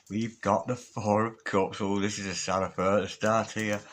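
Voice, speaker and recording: A man's voice: fairly low pitch, flat delivery, moderate pace, hardly any pauses, noisy background. A man giving a tarot reading, chanting repeated invocations and calling listeners darling. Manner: affectionate, calls listeners darling. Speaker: tarot reader. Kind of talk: tarot card reading to camera.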